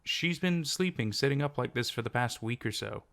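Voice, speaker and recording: A middle-aged mother in stubborn denial, defensive and scolding, in a storybook horror tale, read by a male narrator. Her lines come in a creaky, gravelly voice at a middle pitch. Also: lively intonation, moderate pace, a bit bright. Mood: matter-of-fact.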